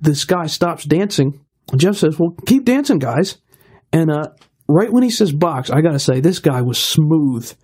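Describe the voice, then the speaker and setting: A man's voice: fairly high pitch, unhurried, husky. A man telling a long anecdote on a radio show, laughing often and acting out the voices of the people in it. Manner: lively storyteller who laughs often and acts out quotes. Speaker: radio guest.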